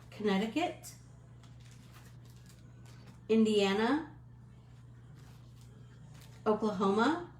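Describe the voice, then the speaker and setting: A middle-aged woman hosting a casual live stream, chatting in a friendly, rambling way with many fillers and quick apologies. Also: mid-range voice, a little mellow, reverberant, a little hiss or hum.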